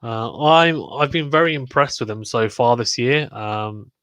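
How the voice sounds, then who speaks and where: A British man hosts a live watchalong stream, talking in a loose, rambling way and reacting to viewer comments. His voice sits at an ordinary middle pitch. The sound is dry, with no room echo. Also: unhurried, fairly bright tone, clean tone. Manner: chatty, rambling, reads viewer comments aloud.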